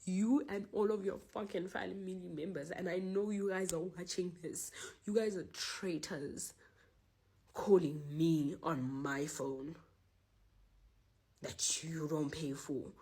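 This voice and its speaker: Young woman, low husky voice, confrontational and swearing. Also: steady tone, slow pace, mellow. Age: young adult. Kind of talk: angry personal rant.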